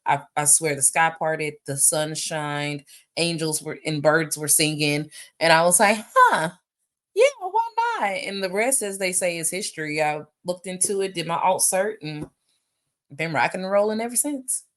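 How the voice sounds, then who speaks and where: Woman in her 30s doing a live q&a, low voice, animated and chatty, says y'all a lot. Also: normal speed. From United States. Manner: animated, chatty, reads questions aloud, addresses viewers as y'all. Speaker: host answering viewer questions. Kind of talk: casual live Q&A chat. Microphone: phone or webcam for a live stream.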